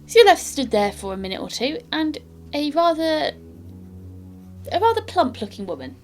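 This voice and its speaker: A woman's voice: sits high, big pitch swings, moderate pace, faint music behind. British woman narrating a tabletop game. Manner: chatty, descriptive, with fillers. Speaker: game master.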